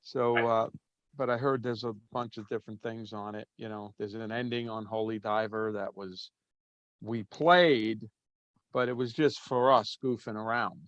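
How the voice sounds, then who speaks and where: An easygoing drummer, a guest in a casual interview, rambles loosely with lots of fillers. His voice is on the low side and fairly bright, with a steady tone and moderate pace. The recording is dry with little room sound and a bit muffled, like a remote call.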